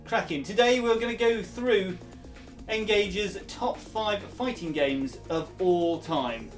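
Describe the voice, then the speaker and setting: A man's voice: high-pitched, takes it slowly, recorded from a distance, music in the background. A British man hosting a retro games show in a jokey, playful way. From Britain. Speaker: host. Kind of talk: comic show introduction.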